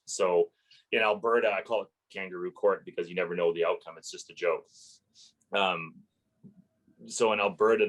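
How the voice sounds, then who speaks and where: A man, a landlord and podcast guest, telling a story in a casual interview, animated and swearing freely as he relives his anger. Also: sits low, low-quality recording.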